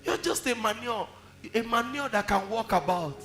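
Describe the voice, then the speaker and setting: A man's voice: high voice, expressive, moderate pace, sharp tone, faint music behind. A man with a Nigerian accent preaching a sermon, telling stories and firing off rhetorical questions with emphasis.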